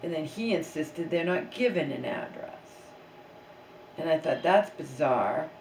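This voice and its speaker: A woman's voice: sits low, animated, measured pace, a little mellow, a little hiss or hum. Rambling woman venting in an echoey bedroom. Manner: ranting, frequent "okay?" asides. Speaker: vlogger. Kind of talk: casual rambling monologue. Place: bedroom, seated on the floor.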